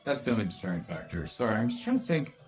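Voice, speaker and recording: A man co-hosting a let's-play, thinking aloud in a relaxed way. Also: lowish voice, very fast, over music. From Canada. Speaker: co-host, gamer. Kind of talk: casual let's-play commentary.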